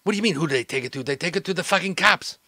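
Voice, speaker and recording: A man's voice: fairly high pitch, normal speed, vocal fry, pushed and bright, dry recording, pitched above the performer's own voice, full character voice. A man voicing a hot-tempered, foul-mouthed male henchman who stammers and curses in a tabletop game. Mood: angry. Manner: stammering, cursing constantly.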